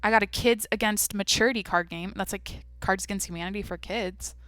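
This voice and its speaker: A woman's voice: mid-range voice, fairly even intonation, fairly quick, a bit bright, no room sound. A young woman hosting a daily podcast alone, talking in a brash, blunt, profane, casual way. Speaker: podcast host. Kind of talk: casual solo podcast chat.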